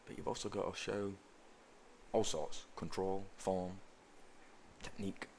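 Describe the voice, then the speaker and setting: Deep-voiced male diving commentator. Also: steady tone, measured pace, a little mellow, a little hiss or hum. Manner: chatty, light-hearted asides. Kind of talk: live sports commentary.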